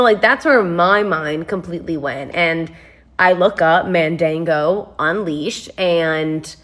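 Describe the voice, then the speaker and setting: Young woman telling a sarcastic story. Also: fairly low pitch. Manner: animated, sarcastic, self-mocking. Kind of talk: casual storytelling.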